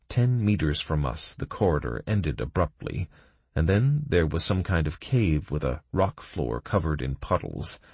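A man narrating a fantasy story in the first person, measured and dramatic, on a close studio mic. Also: extremely low pitch, creaky, darkish tone, husky, no echo. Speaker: audiobook narrator.

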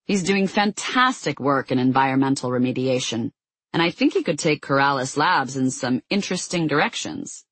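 A narrator doing a booming, genial older businessman. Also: lively intonation, moderate pace, fairly bright tone, no room sound. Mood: hearty.

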